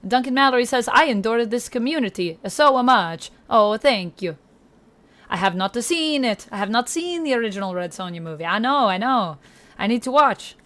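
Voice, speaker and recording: A woman hosting a gaming livestream, reading viewer comments aloud and chatting in a hammy mock Italian accent. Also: fairly high pitch. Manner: chatty, thanks viewers warmly by name. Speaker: livestream host.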